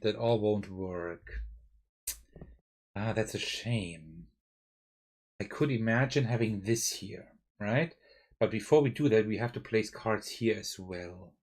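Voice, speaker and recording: A man with a German accent, streaming live and thinking aloud through a card game, often checking with a quick "right?". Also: on the low side, slightly rough. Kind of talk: live-stream gameplay commentary.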